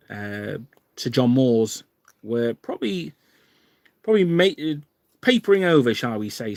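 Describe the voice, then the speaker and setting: Hosting a wargaming livestream, this man talks in a mid-range voice with no echo. His casual chat wanders, packed with fillers and restarts.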